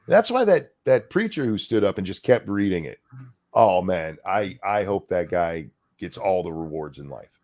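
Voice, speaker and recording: A man with a gravelly, husky voice rants on a casual podcast, heated and sarcastic, swearing freely. His pitch swings widely as he mocks and fumes, and his speaking pitch sits in a middle range. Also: big pitch swings, moderate pace, a little mellow. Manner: profane, sarcastic, heated ranting. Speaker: podcast co-host.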